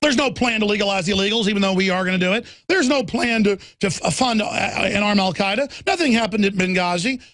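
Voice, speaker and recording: A man's voice: high voice, fast, few pauses, no room sound, clean studio sound. A man mocking a smug lying spokesman. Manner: mocking, exaggerated, shouting.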